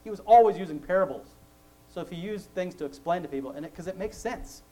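A man's voice: fairly high pitch, quick pace, a little mellow, a little hiss or hum, rough recording. A man sharing faith thoughts in a casual, chatty way, laughing often between points. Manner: chatty storytelling, laughs often, acts out quoted voices.

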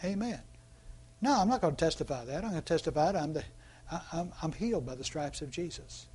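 A man's voice: a little high, expressive, quick pace, darkish tone, breathy edge. A man preaching a sermon in a loose, conversational way, asking the congregation questions and acting out quoted voices. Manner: conversational preaching with rhetorical questions and call-outs; acts out quoted voices mockingly. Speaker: pastor.

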